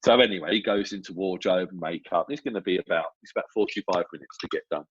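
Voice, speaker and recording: Guy spinning film set stories, kinda husky, dull lo-fi sound. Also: deep voice, fast talker, no echo. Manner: animated anecdotes, chatty with fillers. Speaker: film first assistant director, guest. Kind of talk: casual podcast storytelling. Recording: dull lo-fi audio.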